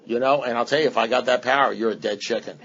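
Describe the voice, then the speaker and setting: A man's voice: mid-range voice, fairly even intonation, fast, fairly bright tone. A man speaking at a recovery meeting, rambling and blunt, with punchy repetition and sarcastic asides. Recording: dull lo-fi meeting recording.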